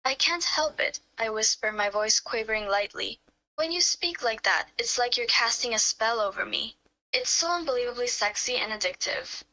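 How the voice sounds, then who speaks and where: A smitten young woman, soft and a little quavering, voiced by a woman in a bright, slightly high voice. The reading is a first-person fan role-play. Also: moderate pace, highs cut off.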